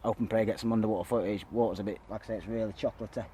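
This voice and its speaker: A man's voice: on the low side, steady tone, racing, dark tone, a little hiss or hum. A man talking casually to a handheld camera outdoors by a pond, a bit out of breath and rambling with fillers. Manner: rambling, chatty, lots of uh and so. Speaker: fishing vlogger. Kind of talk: casual vlog talk to camera.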